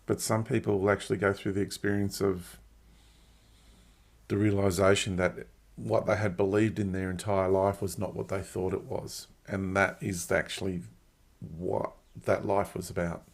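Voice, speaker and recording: A man hosts a conversation about spiritual ideas. He explains things in a calm, steady way, with affirming replies between his guest's stories. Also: sits low, moderate pace, gravelly. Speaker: host.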